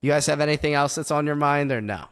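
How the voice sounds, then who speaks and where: A man's voice: fairly high pitch, fast, a bit bright, clear, resonant tone. A man in his thirties hosting a podcast in casual chat, wry and teasing, reining in the others. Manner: wry, chiding, self-deprecating. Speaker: podcast host.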